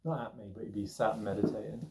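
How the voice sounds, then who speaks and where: A man's voice: on the low side, fairly even intonation, quick pace, heavy background noise. A young man telling a personal story in a casual, rambling way, with lots of fillers and asides. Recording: echoey room, distant mic.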